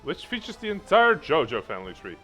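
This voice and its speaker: Brief: playful male game master narrating a stream game, animated and a little high. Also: brisk, faint music behind.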